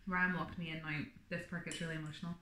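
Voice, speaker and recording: A woman's voice: low-pitched, little pitch movement, quick pace, bright, forceful tone, reverberant, a little hiss or hum. A woman vlogger telling her birth story in a chatty, rambling way, full of fillers. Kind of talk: casual birth story vlog.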